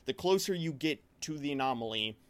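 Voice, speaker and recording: Man, casual chat, rambling, restarts a lot, mid-pitched voice. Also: brisk, smooth. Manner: rambling, animated storytelling with many restarts. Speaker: game master.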